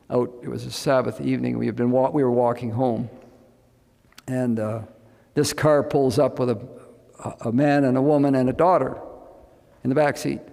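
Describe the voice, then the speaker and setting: A man's voice: medium pitch, vocal fry, darkish tone, in a large hall. A man speaking as a medical missionary, giving a casual, folksy talk to a group in a room. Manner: chatty, folksy, often asks "you know what I mean". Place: indoor gathering with a live audience.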